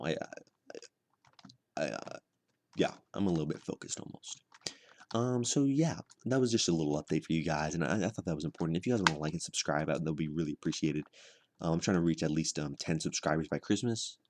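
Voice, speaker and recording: A man doing a rambling deadpan comedy monologue, halting and repeating his words with lots of fillers. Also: sits low, a little hiss or hum. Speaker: comedy vlogger.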